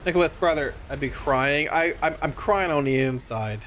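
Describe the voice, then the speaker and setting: A man streaming a game live, talking casually to his viewers, excitable and stammering, often repeating himself. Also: fairly high pitch, normal speed, slight background noise.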